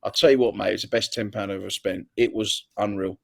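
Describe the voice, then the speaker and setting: A young man, talking in a casual, rambling way. His voice sits a bit low, he doubles up words as he goes, and he swears freely. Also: fairly even intonation, quick pace, creaky. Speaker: guest. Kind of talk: casual interview chat.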